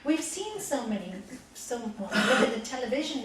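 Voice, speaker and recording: A woman meditation teacher giving a spiritual talk with stories to a small group, swinging between loud emphasis and soft, hushed asides. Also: a little high, sing-song, normal speed, few pauses. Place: meditation centre room with a group. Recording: echoey room, voice from a distance, faint hiss.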